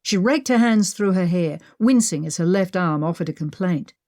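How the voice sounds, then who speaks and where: A woman narrating an adventure audiobook in a steady, measured manner. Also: lowish voice, no echo, clean studio sound.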